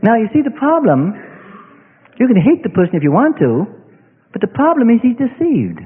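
Pastor type, male, high lively voice, acts out dialogue mid-sermon; husky, phone-like sound in a big reverberant hall. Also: moderate pace. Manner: animated, acts out little dialogues. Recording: phone-like, echoey hall recording.

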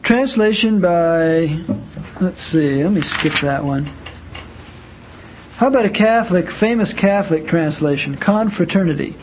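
A man's voice: high-pitched, lively intonation, measured pace, dull audio, a little hiss or hum. A man teaching an informal class, talking in a conversational way and acting out spoken examples, with frequent fillers.

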